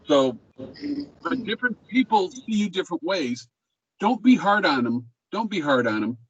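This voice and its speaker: A man's voice: on the high side, slightly rough, muffled recording. Laid-back older man lecturing a class. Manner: conversational, laid back, asks the class questions. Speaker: music professor.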